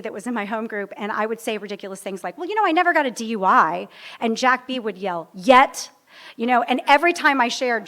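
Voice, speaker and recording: Speaking at a recovery meeting, this woman in her fifties shares her personal story before a live crowd in a fairly high, slightly bright voice. Her telling is humorous and self-mocking, and she often drifts off on tangents.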